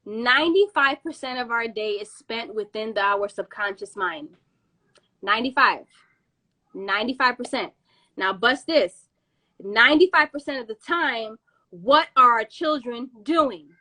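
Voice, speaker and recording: A high-pitched woman talks in a loose, animated way, jumping into other people's voices as she tells the story. Her talk is full of street slang and swearing, easy and conversational. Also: measured pace. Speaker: podcast host. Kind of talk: casual storytelling chat.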